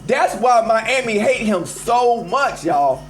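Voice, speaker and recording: On a live call-in show, a man with a high-sitting voice rants emphatically about sports at a slow pace, soft background music behind him. He's animated and speaks straight to his listeners, calling them y'all.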